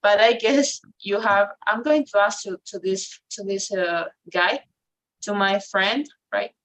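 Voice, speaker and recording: A woman teaching an English class online, talking slowly with many fillers and restarts. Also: medium pitch, a bit bright, low-quality recording. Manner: slow, hesitant, non-native English with many fillers.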